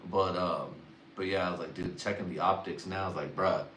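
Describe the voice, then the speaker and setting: Low-voiced man, crude rambling livestream monologue, mic a bit far off in a roomy space. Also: fairly even intonation, brisk, a bit bright, slight background noise. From Mexican family. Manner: crude, rambling, heavy swearing. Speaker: livestream host. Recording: roomy sound from away from the mic.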